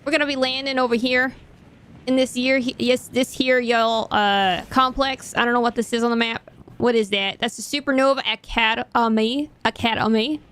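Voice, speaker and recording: A woman's voice: on the high side, fairly even intonation, moderate pace, a bit bright, clear, resonant tone, lightly acted. A woman streaming a game and putting on an exaggerated Southern country-girl accent, drawling and folksy. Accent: put-on American Southern. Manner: drawling, folksy, self-mocking. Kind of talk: casual gaming stream chat.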